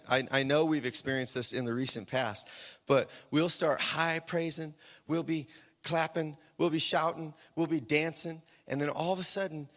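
A man preaching a sermon in church, swinging from shouting to hushed whispers. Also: on the high side, in a large hall. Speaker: pastor.

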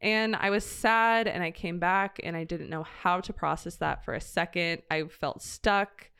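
Woman, earnest testimony, heartfelt, smooth clear voice, lowish pitch, halting restarts. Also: fairly bright tone. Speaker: guest sharing a mission trip story. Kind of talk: reflective personal testimony in conversation.

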